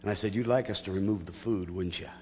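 A middle-aged male pastor preaching a sermon, telling a personal story with gentle humor before building into emphatic teaching. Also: deep voice, quick pace, in a large hall, slight background noise.

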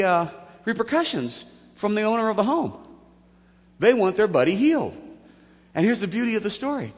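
Animated man preaching in a reverberant hall. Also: high-pitched, moderate pace, pauses often. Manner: animated storyteller, acts out voices, jokes. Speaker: pastor. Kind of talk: sermon.

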